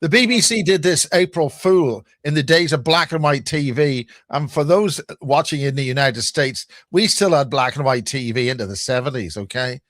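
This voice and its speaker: A man's voice: medium pitch, normal speed, few pauses, a bit bright, dry recording, studio quality. A man with a Northern Irish accent, rambling and joking through stories as a guest on a video-call chat show. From Northern Ireland. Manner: rambling, joking storyteller with many restarts. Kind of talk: casual chat.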